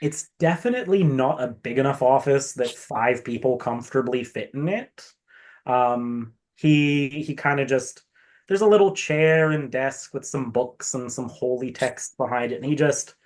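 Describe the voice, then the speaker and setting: Game master, tabletop narration, casual, filler-heavy, mid pitch. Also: unhurried, darkish tone.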